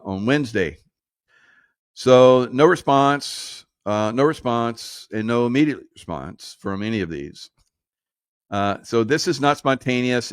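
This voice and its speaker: A man's voice: lowish voice, clean tone, no room sound. Sarcastic man with a dry close sound. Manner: sarcastic, laughing, mocking asides. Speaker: commentary show host. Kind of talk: casual political commentary.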